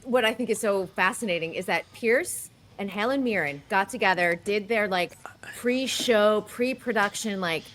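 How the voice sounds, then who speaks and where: Animated woman telling showbiz stories. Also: medium pitch, moderate pace, a little hiss or hum. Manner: animated storyteller, filling with "like". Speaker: co-host. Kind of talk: casual chat.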